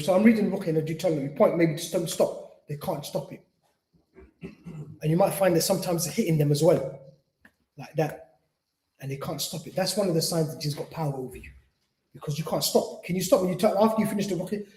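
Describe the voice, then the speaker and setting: A man's voice: on the high side, a little fast, dark tone. A man teaching a lecture at an Islamic centre, talking earnestly, repeating his points and acting out what patients say. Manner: repetitive, earnest, acts out quoted patients. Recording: roomy echo.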